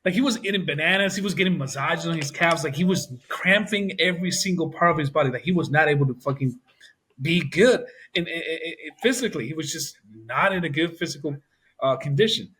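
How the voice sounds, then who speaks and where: A man with a husky, slightly raspy voice that has a tense, cutting edge to it. He sits a touch higher in pitch than most men. He is co-hosting a casual football chat and rants about players with plenty of swearing. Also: fairly quick, a bit bright. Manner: profane, ranting. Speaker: podcast co-host.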